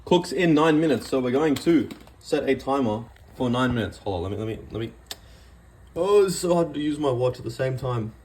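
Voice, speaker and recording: A man's voice: mid-range voice, animated, fairly quick, a little mellow. A man giving a rambling, joking cooking demonstration in a home kitchen. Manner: joking, rambling, self-deprecating. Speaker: cooking vlogger.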